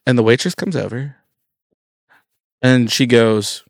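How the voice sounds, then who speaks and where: A man with a gravelly, creaky voice tells a story in casual chat. He acts out every quote with animated shifts and fills his talk with "like". The sound is close and dry, with no room echo. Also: medium pitch, unhurried, pauses often. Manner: animated storyteller acting out quotes, many fillers. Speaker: guest telling a faith story.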